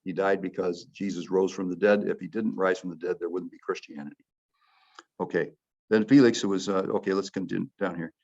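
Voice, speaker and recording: A man's voice: low-pitched, steady tone, brisk, a little mellow, highs cut off. A man, a priest, leading an informal Bible study, rambling along with many fillers and restarts.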